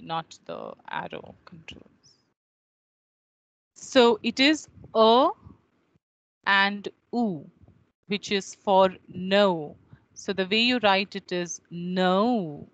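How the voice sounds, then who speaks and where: A woman teaches over a video call at an unhurried pace. She repeats words carefully to model their pronunciation. Her voice sits at an ordinary pitch. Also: a bit bright, low-quality recording. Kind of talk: online phonetics lecture.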